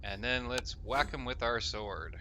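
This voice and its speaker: A man's voice: mid-range voice, a little slow, noisy background. A man hosting a let's play, chatting casually through his gameplay and reading the game's text aloud. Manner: casual, reads game text aloud, self-directed chatter. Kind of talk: gameplay commentary.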